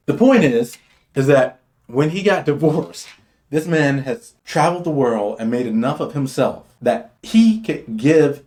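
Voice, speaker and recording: Brash swaggering male commentary host. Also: mid-range voice. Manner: brash, swaggering, profane, jumps between loud bursts and muttered asides. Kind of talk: opinionated commentary monologue.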